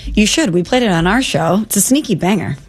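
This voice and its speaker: A woman's voice: mid-range voice, expressive, fairly quick, slightly rough. Upbeat woman hosting a sports chat. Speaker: host. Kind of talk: casual sports talk.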